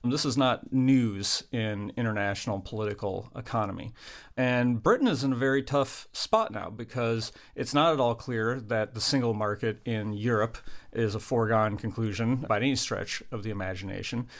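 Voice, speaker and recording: A man's voice: mid-range voice, normal speed. A man, a political analyst explaining points fluently in a panel discussion. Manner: fluent, explanatory, lightly jokey.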